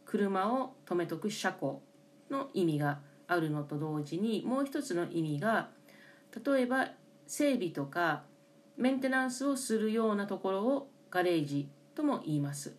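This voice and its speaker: A Japanese woman co-hosting a casual language lesson, clearly explaining English words in Japanese. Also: medium pitch, expressive, fast. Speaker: co-host and Japanese interpreter.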